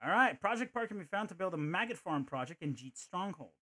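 Lively, playful male game streamer. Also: high voice, brisk. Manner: playful, thinks aloud, jokey asides. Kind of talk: casual gameplay commentary.

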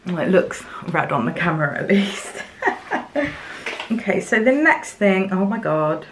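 A young woman from England talks to camera in her home craft studio, gushing and excitable as she opens parcels. She speaks at an unhurried, slow pace, breaking into little laughs. A faint background hiss sits under her voice. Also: mid-range voice. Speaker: craft vlogger. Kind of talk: casual unboxing chat to camera.

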